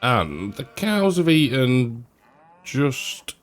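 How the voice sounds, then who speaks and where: A man's voice: medium pitch, sing-song, extremely slow. A middle-aged man rambling through casual gameplay commentary, with lots of ums and restarts. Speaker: gaming YouTuber.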